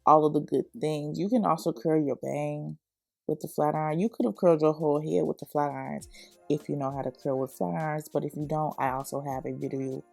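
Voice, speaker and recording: A woman's voice: deep voice, gravelly, dry recording. A young woman, chatting through a hair tutorial voice-over, laughing often and talking straight to the viewer. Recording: soft background music.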